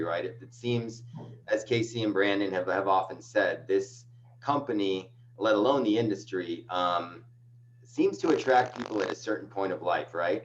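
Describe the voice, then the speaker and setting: Man guest, lower voice, meandering self-deprecating storyteller; dull lo-fi call audio with a faint hum. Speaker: guest, agency owner. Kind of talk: casual video call interview. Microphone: video call microphone.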